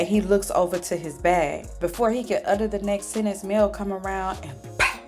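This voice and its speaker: A woman recaps a TV drama in a chatty, casual way, tossing in sassy asides as she goes. Her voice sits at an ordinary middle pitch. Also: steady tone, normal speed, faint music behind. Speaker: TV show reviewer.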